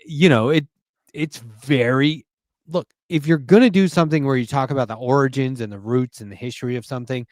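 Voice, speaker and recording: A man, talking loosely in a casual panel chat, rambling and circling back on himself. He has a medium-pitched voice and sounds close and dry. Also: no echo. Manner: rambling, trails off and restarts, swears casually. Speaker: co-host.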